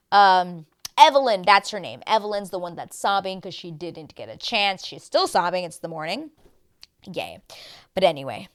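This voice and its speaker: A woman's voice: mid-range voice, normal speed, clean tone. Chatty woman in her thirties. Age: 30s. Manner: chatty, animated, quotes others in playful voices. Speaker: host. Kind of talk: casual recap chat.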